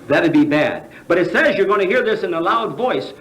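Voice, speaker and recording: Animated and fairly quick, an American man's high-pitched, slightly bright voice rings through an echoey convention hall as he preaches. He keeps asking his listeners rhetorical questions while stumbling over fillers.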